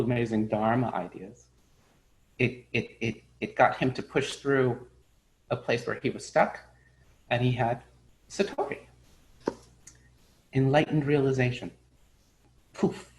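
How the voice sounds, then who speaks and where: Brief: middle-aged male dharma teacher, mid-pitched, lively storyteller. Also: poor audio. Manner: animated storyteller, acts out characters' lines. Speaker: Buddhist teacher. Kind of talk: spoken dharma talk with storytelling.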